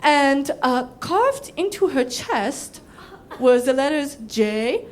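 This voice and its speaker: A young woman does stand-up in a high, very animated voice at a slow pace. She tells a story sprinkled with casual swearing, giggling often and breaking into laughter.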